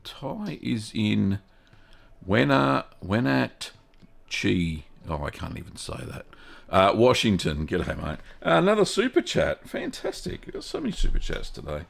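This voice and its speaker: A man with an Australian accent hosting a live stream, greeting viewers one by one in a relaxed, chatty way. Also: mid-range voice, creaky. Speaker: host of a cheese-making livestream. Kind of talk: casual live-stream chat.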